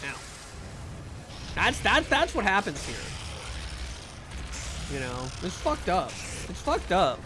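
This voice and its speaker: A man streaming live, chatting casually with his viewers in a rambling, profane way, with bursts of excited sing-song greetings. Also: high-pitched, takes it slowly, long pauses, background noise.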